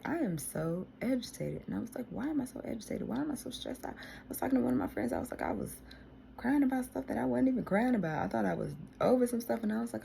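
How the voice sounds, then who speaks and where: A woman's voice: medium pitch, gravelly, mellow, a little hiss or hum. A woman vlogger venting to her viewers in a casual diary style, exasperated and swearing freely.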